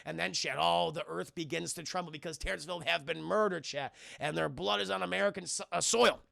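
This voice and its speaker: A man's voice: a little high, fast, vocal fry, bright, forceful tone, no echo, clean studio sound. A man giving a casual, profanity-laden scene-by-scene film recap while talking to his live chat. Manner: keeps addressing his chat, heavy swearing. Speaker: film reviewer and livestreamer.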